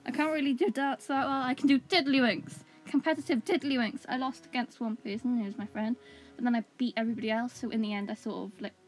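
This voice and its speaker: Chatty young woman, higher voice. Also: fairly even intonation, quick pace, soft background music, poor audio. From Wales. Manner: chatty, teasing. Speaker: co-host. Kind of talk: casual chat.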